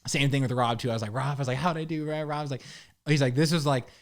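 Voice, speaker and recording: A young man talks easily as a podcast guest, in an ordinary middle pitch. He is laid-back and loose, leaning on "like" and "bro" and putting on little voices for the people he quotes. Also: fairly even intonation, quick pace. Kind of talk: casual chat.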